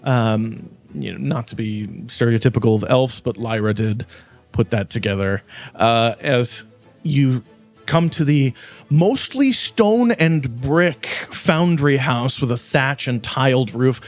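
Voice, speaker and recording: A man's voice: medium pitch, slow, soft background music. A man running a tabletop game as game master, narrating scenes and slipping into character voices. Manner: animated, switching into character voices.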